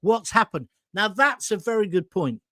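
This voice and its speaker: A man's voice: high-pitched, lively intonation, moderate pace, fairly bright tone, dry recording. A man, hosting an online talk show and chatting casually through viewer comments in a blunt, jokey way with crude asides. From England.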